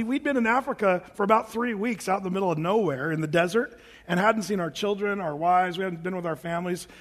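High-ish voice guy pastor, jokey self-mocking sermon, big echoey church hall. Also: fairly bright tone. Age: 40s. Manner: joking, conversational, self-mocking. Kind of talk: humorous storytelling sermon.

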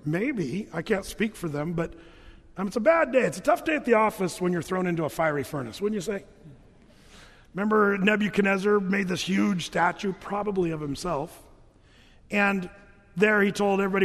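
A man's voice: sits high, normal speed, in a large hall. A man pastor preaching a sermon, telling Bible stories in a casual, humorous way. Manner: conversational, humorous storytelling preacher.

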